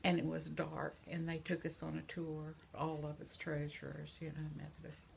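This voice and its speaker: An older woman talks to her viewers from home in a slow, rambling, reminiscing way. Her voice is low and gravelly, and it sometimes drops to a whisper. A faint hiss sits under the recording. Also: completely flat delivery. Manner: reminiscing, soft-spoken, trails off into whispers; affectionate sign-off to viewers. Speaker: vlogger. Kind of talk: casual vlog monologue.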